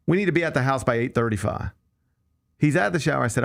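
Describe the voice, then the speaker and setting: A man's voice: mid-range voice, fast, vocal fry. A middle-aged man hosting a sports show, telling self-deprecating stories in casual chat. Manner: animated, self-deprecating storytelling.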